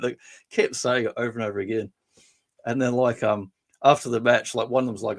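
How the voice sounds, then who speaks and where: A man's voice: mid-range voice, brisk. A man hosting a casual live stream about his toy collection, rambling along and answering viewer comments.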